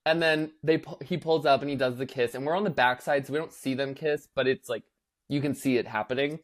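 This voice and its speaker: Young man, podcast co-host, casual chat, middle pitch, animated, acts out quotes, filler-heavy. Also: a little fast.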